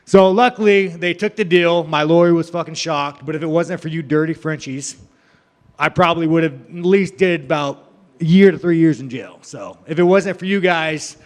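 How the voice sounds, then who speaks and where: A man's voice: fairly high pitch, normal speed, long reverb tail. A young man telling a story in a rambling, profane, casual way, with laughing asides.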